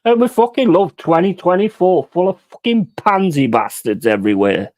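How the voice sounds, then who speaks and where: Animated, swearing man ranting at football. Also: high voice, normal speed, hardly any pauses, lo-fi sound. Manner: furious, sweary ranting at the referee. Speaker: watch-along host. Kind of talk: live football reaction commentary.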